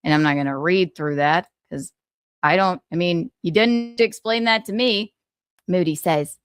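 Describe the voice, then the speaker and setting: A woman reading online posts aloud in a flat, matter-of-fact way. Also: on the low side, unhurried, smooth, no room sound.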